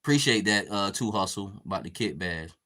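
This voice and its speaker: This man's voice is low yet bright, expressive, fairly quick, and forceful. He's hosting an easygoing podcast, cursing plenty and reading chat comments as he paints a figure.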